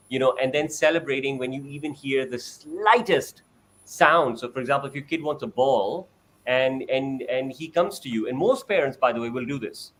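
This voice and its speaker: On a video call, a parent sharing his experience explains how parents can coach a child, animatedly acting out parent-child exchanges in a bright high voice. He speaks at normal speed with slight background noise.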